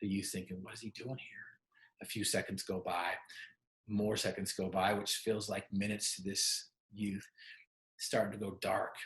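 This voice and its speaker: A man's voice: fairly low pitch, completely flat delivery, normal speed, a bit bright. A man giving a motivational talk who tells a story and asks the audience questions directly. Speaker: motivational speaker. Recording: roomy echo.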